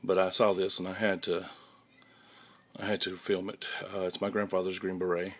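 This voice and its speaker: A young man talking haltingly to his camera in a casual vlog, with many restarts and fillers. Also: sits low, little pitch movement. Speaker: vlogger. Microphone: handheld camera mic.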